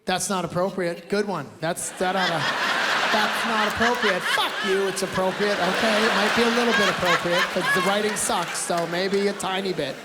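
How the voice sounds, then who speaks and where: Brash high-voiced comedian on a live stage. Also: male voice, fairly even intonation, brisk, hardly any pauses, very noisy. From Canada. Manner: brash, loud storytelling with acted-out outbursts. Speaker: stand-up comedian. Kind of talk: stand-up comedy. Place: large theater stage before a live audience. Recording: roomy live theater recording with crowd laughter. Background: audience laughter.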